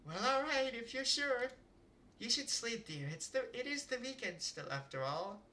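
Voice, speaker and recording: A man putting on a soft-spoken caring mother. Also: extremely high pitch, very animated, normal speed, a little hiss or hum, pitched above the performer's own voice, exaggerated voice. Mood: soothing. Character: gentle caring mother of a teenager. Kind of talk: reading a visual novel aloud.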